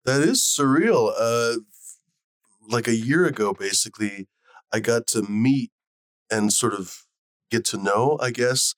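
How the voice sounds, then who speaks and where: A man's voice: mid-range voice, unhurried, pauses often, no room sound. A man hosting a casual chat, rambling and swearing now and then.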